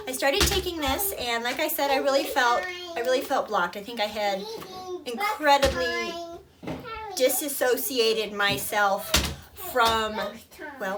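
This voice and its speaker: A woman and mother giving a heartfelt review to camera, earnest and emotional, rambling with fillers. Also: fairly high pitch. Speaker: product reviewer, mother of toddler twins. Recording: distant mic with clear background noise.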